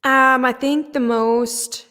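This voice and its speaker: A young woman in her twenties, a podcast guest, telling stories in an animated way with frequent laughter. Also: sits high, takes it slowly. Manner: animated storytelling, laughing often. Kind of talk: casual interview chat.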